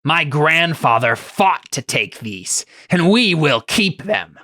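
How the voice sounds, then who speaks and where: A runty, suspicious king who barks out his words slowly and sternly in a tabletop game, as the game master puts him on. The voice stays close to the narrator's own, with a dry sound. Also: fairly high pitch, big pitch swings, sharp tone, dry recording, pitched above the performer's own voice, full character voice. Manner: barking, slow.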